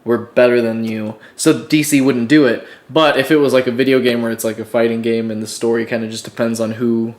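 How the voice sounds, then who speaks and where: A young man co-hosting a podcast in relaxed, casual chat, laughing easily and calling his friend "man.". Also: mid-range voice, quick pace, few pauses. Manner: laid-back, laughs easily, says "man". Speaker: podcast co-host.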